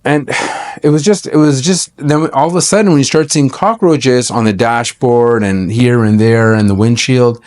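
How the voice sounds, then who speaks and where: A man's voice: mid-range voice, normal speed, a little mellow. A middle-aged man from Canada, an accountant, telling a personal story to camera in a chatty, aggrieved way with many fillers and restarts.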